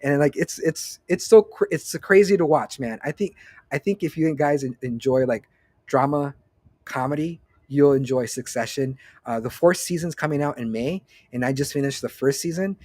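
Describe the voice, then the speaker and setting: A man's voice: mid-range voice, moderate pace, a little mellow, dry recording. A man around forty hosting a casual solo podcast update, rambling, swearing freely and often breaking off mid-sentence. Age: late 30s to early 40s. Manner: rambling, profane, self-interrupting. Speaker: podcast host.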